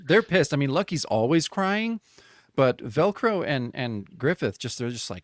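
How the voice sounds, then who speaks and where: A man co-hosting a podcast, talking casually about a comic book, swearing freely and getting animated as he reads out the panels. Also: mid-range voice, measured pace, no room sound, clean studio sound. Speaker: podcast co-host.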